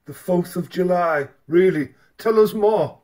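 A man's voice: high voice, unhurried, a little mellow. A man hosting a parody news report in a mock-serious, bantering tone. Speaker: comedy news anchor.

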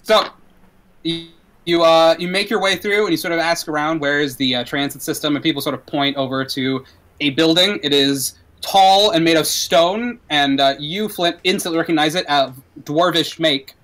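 A man running a tabletop game as dungeon master, telling the story in a relaxed way with fillers. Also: on the high side, moderate pace, rough recording.

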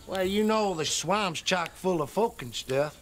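An actor playing a scheming swamp hillbilly in a comedy sketch, speaking in a slow, sly, put-on American Southern drawl. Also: male voice, high voice, expressive, fairly bright tone, slight background noise, heavily acted.

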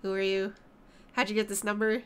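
A woman voicing a stern, tough male hero in a game, speaking low, terse and wary. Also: little pitch movement, fairly quick, a bit bright, smooth, close to an everyday voice.

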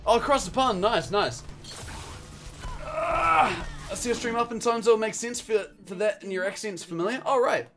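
A young man with a New Zealand accent, chatting casually and excitably while streaming a game, swearing and yelling at the action. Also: high-pitched, fast, hardly any pauses, very noisy. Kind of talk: casual live-stream gameplay chat.

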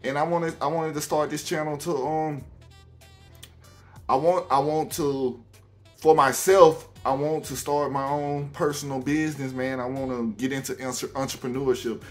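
A young man from Alabama with a Southern accent, talking casually to camera on his own channel, halting with many ums and restarts, faint music behind. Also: fairly high pitch, little pitch movement. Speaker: YouTuber.

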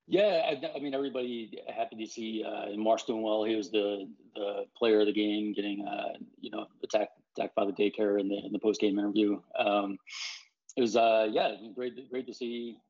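A man talking baseball as a reporter in a casual chat. He speaks haltingly, with many fillers and restarts. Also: on the low side, steady tone, darkish tone, muffled recording.

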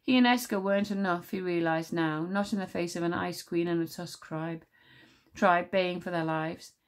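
A woman teacher reading a children's novel aloud with steady, clear storytelling. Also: lowish voice, normal speed.

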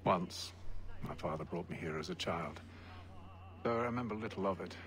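A man voicing a composed young English gentleman in a video game, speaking in a measured, quiet, clipped way. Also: low voice, close to an everyday voice. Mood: calm.

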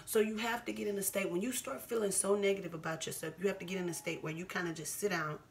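A woman's voice: mid-range voice, fairly even intonation, quick pace, gravelly, noisy background. A woman in her twenties speaking candidly to camera as a vlogger, laughing often and repeating herself for emphasis. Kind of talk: casual personal talk to camera.

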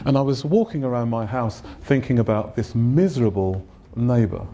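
A man's voice: medium pitch, moderate pace, mellow, a little hiss or hum. A man with an English accent, a pastor preaching a humorous storytelling sermon in a church. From England. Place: church sanctuary.

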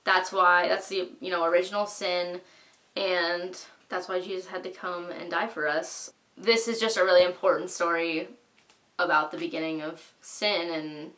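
A woman's voice: on the low side, level tone, moderate pace, fairly bright tone. A young woman hosting a Bible study, retelling the story in a breezy, slangy way full of "like". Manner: breezy, slangy, heavy use of "like".

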